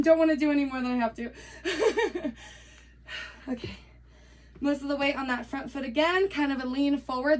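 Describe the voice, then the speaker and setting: A woman with a high voice coaches a workout while doing it herself. She counts reps aloud between panting breaths and keeps things upbeat with little jokes. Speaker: fitness coach. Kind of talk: workout instruction while exercising.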